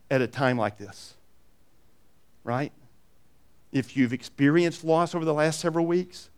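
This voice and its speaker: A middle-aged man preaching a sermon, telling stories with emphatic repeats and quick asides. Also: fairly high pitch. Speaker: pastor.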